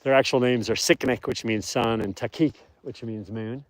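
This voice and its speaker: A man walks through snow toward a wolf enclosure and narrates a live stream from a phone mic. His voice sits in a middle register and stays soft and close, with faint outdoor noise behind it. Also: medium pitch, fairly even intonation, moderate pace. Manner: talks softly to his dog and wolves, rises when calling them. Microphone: phone, later a chest rig.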